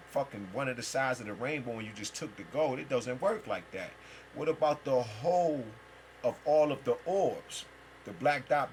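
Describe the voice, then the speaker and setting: A man's voice: medium pitch, fairly bright tone, slight background noise, rough recording. Man in a rambling, profane spiritual monologue. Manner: rambling, emphatic and profane, with heavy slang. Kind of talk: free-flowing spiritual monologue.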